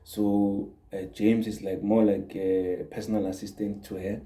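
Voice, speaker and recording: A man's voice: fairly low pitch, level tone, a little slow, warm tone. A man, a YouTube creator, giving an earnest motivational talk and repeating words for emphasis. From South Africa. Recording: echoey room.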